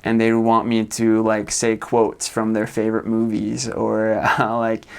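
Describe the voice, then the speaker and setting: A young man from the United States, chatting casually as a vlogger, with loose, rambling talk full of fillers and soft laughs. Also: lowish voice, monotone, unhurried, vocal fry, clean tone. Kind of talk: casual chat.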